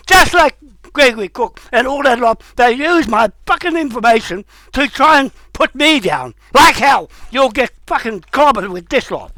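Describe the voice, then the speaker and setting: A man delivering a heated, confrontational rant, swearing and breaking into shouts. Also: very high voice, animated, normal speed, dry recording, rough recording. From New Zealand. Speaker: vlogger. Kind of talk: angry ranting monologue.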